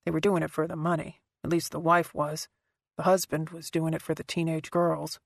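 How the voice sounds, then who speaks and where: A woman reading an audiobook and voicing a guarded, quiet man who speaks in a soft, halting way. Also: level tone, gravelly, no room sound. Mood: subdued. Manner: soft, halting, low-key delivery. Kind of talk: audiobook character voice.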